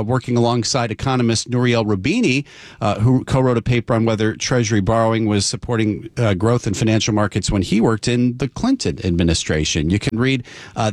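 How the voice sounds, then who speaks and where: Relaxed man co-anchor, dry studio. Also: medium pitch, no room sound. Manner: relaxed, with filler uhs while reading. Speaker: radio business news co-anchor. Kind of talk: news reading and casual co-host chat.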